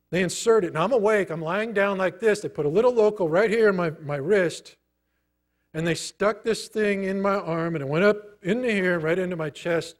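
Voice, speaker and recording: A man's voice: sits high, expressive. Man preaching a personal testimony sermon. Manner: storytelling, conversational, pausing often. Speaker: pastor.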